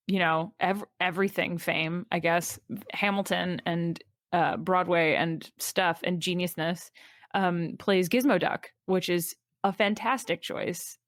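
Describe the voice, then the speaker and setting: A woman's voice: lowish voice, no echo, clean studio sound. A woman guest on a podcast, talking enthusiastically in casual chat, rambling with many fillers.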